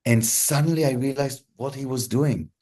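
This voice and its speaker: A man's voice: medium pitch, moderate pace. A man being interviewed as a hostage negotiator, telling stories reflectively with frequent restarts. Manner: thoughtful, many restarts, relaxed storytelling pace.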